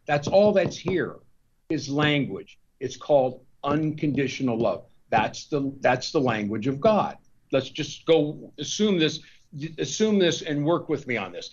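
Guest: a man with a slightly high voice who rambles and restarts mid-thought, heard through a muffled low-fidelity recording. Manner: rambling, with frequent restarts and repeated words. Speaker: guest author. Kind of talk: discursive interview talk.

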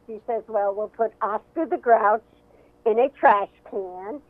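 A woman being interviewed on the radio, telling her story with lively, animated energy. Her slightly high voice comes through a thin, tinny phone line with no room sound at all. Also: a little slow, dry recording. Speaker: author and guest.

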